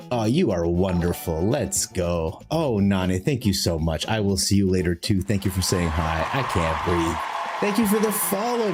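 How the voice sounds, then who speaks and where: A man's voice: low voice, darkish tone. A man from Canada, chatting on a live stream, effusive and jokey as he gushes thanks to his chat.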